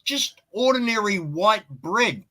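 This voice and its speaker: A man's voice: high-pitched, lively intonation, takes it slowly, bright, forceful tone, rough recording. An Australian man with an Australian accent, ranting bluntly and swearing freely in a casual live-stream chat.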